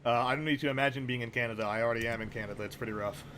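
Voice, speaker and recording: A young man talks over a train simulator stream in loose, casual commentary. He wanders off on profane tangents with wry asides. His voice sits at an ordinary middle pitch. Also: steady tone, very fast, pushed and bright, slight background noise.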